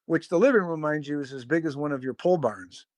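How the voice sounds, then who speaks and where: Middle-aged male drummer guest, a bit high-voiced, loose rambling anecdotes, dry close sound. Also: fast, dry recording. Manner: rambling, full of fillers and swearing. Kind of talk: casual storytelling.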